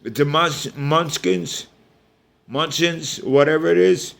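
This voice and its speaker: A man's voice: on the high side, slow pace, vocal fry, fairly bright tone. A man giving a rambling, profane personal rant in a vlog, often restarting and speaking directly to the people he is angry at.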